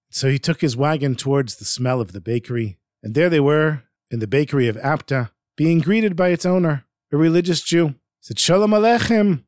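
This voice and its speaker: A man narrating a folktale in an expressive, dramatic storytelling manner. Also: medium pitch, no room sound, studio quality.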